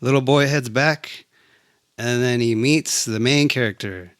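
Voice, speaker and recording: A man's voice: medium pitch, measured pace, no room sound, clean studio sound. A man in casual chat reviewing a film, swearing freely and acting out the scenes. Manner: animated, profane, acts out scenes. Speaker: movie reviewer.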